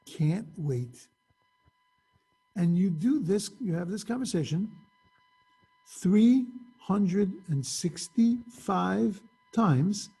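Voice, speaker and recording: Man, rabbi teaching a class, gravelly, husky, acts out dialogue, video call. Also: high-pitched, dark tone. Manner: storytelling with acted-out dialogue, conversational. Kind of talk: informal Torah class over video call.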